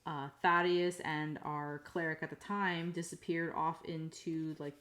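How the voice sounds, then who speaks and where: A woman's voice: low voice, flat delivery, a little slow, a bit bright. A woman streamer casually recounting a tabletop game session, rambling with many fillers and some swearing. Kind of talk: casual storytelling on a live stream.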